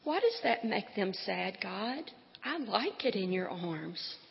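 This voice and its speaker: A woman reading aloud and voicing a gentle, curious unborn baby girl who asks soft questions, in a dull, echoey hall recording. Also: mid-range voice, sing-song, slow, gravelly, heavily acted. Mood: wondering. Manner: soft, wondering, childlike questions.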